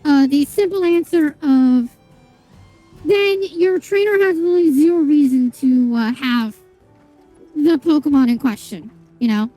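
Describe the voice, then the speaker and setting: A woman's voice: high-pitched, measured pace, dark tone, no echo, soft background music, low-quality recording. A young woman streaming a game, chatting casually with viewers in a rambling, sweary way full of fillers. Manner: rambling, swears a lot, many fillers and restarts, chats to viewers. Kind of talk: casual live-stream chat while gaming.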